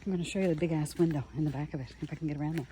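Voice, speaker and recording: With a deep, dark voice and rapid-fire delivery, a woman vlogs from an outdoor campground, chatting and rambling to viewers as she sets up camp alone. Outdoor sounds, passing trains, and planes can be heard around her.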